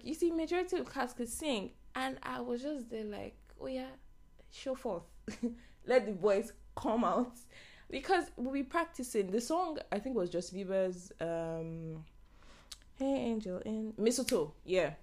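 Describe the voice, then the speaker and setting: A woman's voice: on the high side, expressive, moderate pace, darkish tone. A young woman hosting a solo podcast, talking casually and animatedly and laughing often. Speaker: podcast host.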